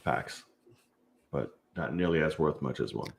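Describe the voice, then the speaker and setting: A man's voice: a bass voice, measured pace, gravelly. A young man hosting a casual film podcast, hyping the channel, chatting loosely and swearing freely. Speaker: podcast host. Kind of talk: casual chat.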